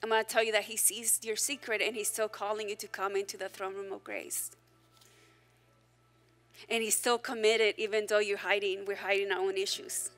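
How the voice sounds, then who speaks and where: Bright, forceful woman pastor preaching. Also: medium pitch, moderate pace. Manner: animated and conversational, with joking asides. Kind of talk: sermon.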